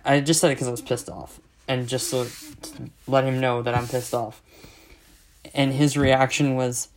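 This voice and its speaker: Man, mid-pitch, sarcastic profane ranter, casual vlog delivery. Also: darkish tone. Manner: exasperated, sarcastic, heavy swearing.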